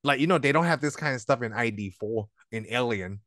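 A man chats loosely about films on a podcast, starting thoughts and leaving them hanging, and he laughs often. His voice sits at a middling pitch. The sound is close and dry, with no room in it. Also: lively intonation, a little fast, a bit bright, dry recording. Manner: rambling, laughs often, trails off mid-sentence. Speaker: podcast co-host. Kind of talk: casual movie review chat. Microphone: own microphone, remote call.

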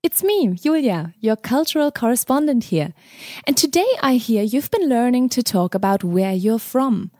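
A woman's voice: fairly high pitch, animated, normal speed, mellow, no echo, studio quality. A woman from Germany, the show's cultural correspondent, presenting a scripted segment with a friendly manner.

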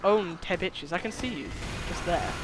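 A teenage boy chattering and joking excitedly while playing a shooter game online. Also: high voice, moderate pace, noisy background. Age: teens. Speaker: gamer. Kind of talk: casual gameplay commentary.

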